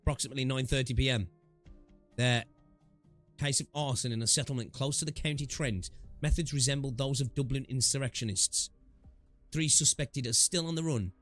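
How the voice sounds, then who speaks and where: A man's voice: medium pitch, brisk, a bit bright, faint music behind, natural voice. A man reading as a clipped radio announcer. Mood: official. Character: curt male radio news announcer.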